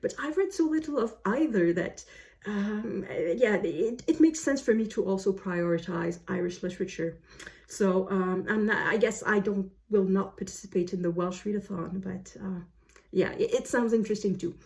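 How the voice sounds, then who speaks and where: A woman from Canada hosting a book video in a casual, chatty way, rambling and correcting herself with frequent fillers and quick asides. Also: medium pitch, gravelly, darkish tone. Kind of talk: casual chatty vlog talk.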